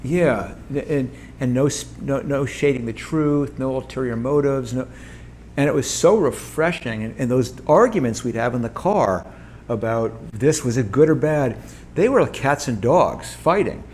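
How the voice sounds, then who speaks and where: A man in his sixties, a company co-founder, telling a story as a guest, lively and animated and often restarting his sentences. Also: mid-range voice, unhurried, a little hiss or hum. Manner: animated, quotes others in lively voices, frequent restarts. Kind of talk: conversational storytelling on stage. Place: event room with audience.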